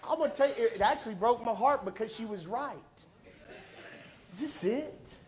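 Animated middle-aged male preacher. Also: moderate pace, noisy background. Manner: animated preaching, swings from quiet low lines to loud high ones; conversational storytelling with repeated words. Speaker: pastor. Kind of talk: sermon.

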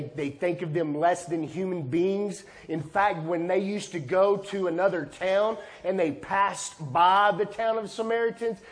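Delivering a sermon, a pastor from Texas, USA, acts out conversations, his voice veering from loud, high outbursts to hushed, low asides.

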